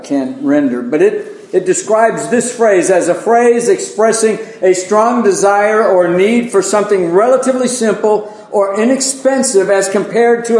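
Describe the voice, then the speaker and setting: A man's voice: a little high, darkish tone, reverberant, poor audio. A man preaching an evening Bible lesson in a conversational sermon style, folksy and self-deprecating, with plain asides to his congregation.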